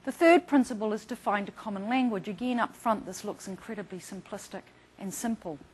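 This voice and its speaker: A middle-aged woman doctor with a husky mid-range voice talks fairly quickly to patients and providers about patient care. Earnest and story-driven, she acts out things her patients said, in a low-quality recording.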